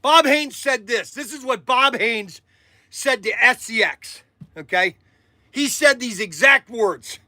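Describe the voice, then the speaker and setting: Older man, very high voice, piercing bright tone, dry close sound, rambling emphatic storytelling. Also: expressive, takes it slowly, no room sound. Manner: rambling, emphatic, repeats himself. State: emotional, voice breaking at times. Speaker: podcast host. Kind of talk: casual storytelling.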